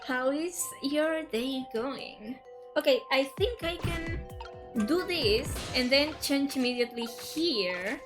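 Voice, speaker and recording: A bubbly young woman streamer with a high voice, chatting easily with her viewers and reading game dialogue aloud as she plays. Soft game music runs faintly underneath. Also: animated, takes it slowly. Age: young adult. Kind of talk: casual stream chat while playing a game.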